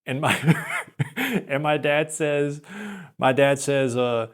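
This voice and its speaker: A man's voice: medium pitch, fairly even intonation, slow pace. Rambling self-deprecating young man. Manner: rambling, self-deprecating, frequent restarts and laughs. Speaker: podcaster. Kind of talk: casual storytelling monologue.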